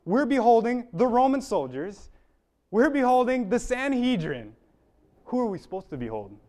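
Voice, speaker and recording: A man's voice: very high-pitched, big pitch swings, normal speed, a little mellow. A man preaching a sermon in an earnest, building way, with fillers and restarts along the way.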